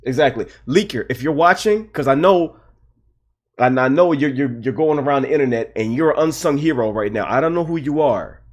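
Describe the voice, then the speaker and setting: A man's voice: medium pitch, expressive, fairly quick. A man hosting a livestream, ranting about a video game in a heated, repetitive way and swearing often. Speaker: livestream host. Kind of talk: casual livestream rant.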